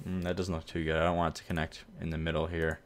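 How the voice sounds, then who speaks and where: A man's voice: a bass voice, quick pace. A man casually commenting while playing a city-building game, rambling and correcting himself as he goes. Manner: relaxed, rambling, self-correcting. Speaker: gameplay video host. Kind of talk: casual let's-play commentary.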